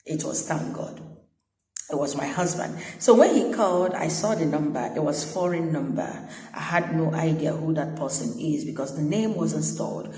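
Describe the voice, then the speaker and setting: A woman's voice: low voice, moderate pace, mellow. A woman news anchor, chatting animatedly as she tells a personal story with quoted dialogue. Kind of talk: casual storytelling vlog. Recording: echoey room with long reverb.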